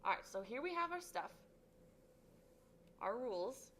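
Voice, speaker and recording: A woman's voice: on the high side, very animated, a little slow, fairly bright tone. An upbeat woman tutor talks a class through a lesson step by step. She stretches out syllables dramatically to show where the stress falls. A faint background noise sits under her voice. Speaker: Spanish tutor.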